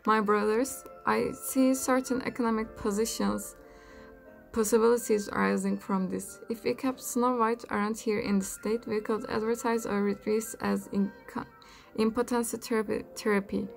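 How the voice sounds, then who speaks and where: Woman playing a bossy giant boss guy, scheming, gravelly. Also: a little high, fairly even intonation, normal speed, faint music behind. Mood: commanding. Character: shrewd, commanding male giant leader.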